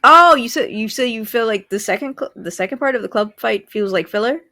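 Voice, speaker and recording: A woman co-hosting a casual anime review chat. Her voice sits a little high, and her replies are easygoing and relaxed. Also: a little fast. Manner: easygoing, laughs along. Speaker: podcast co-host.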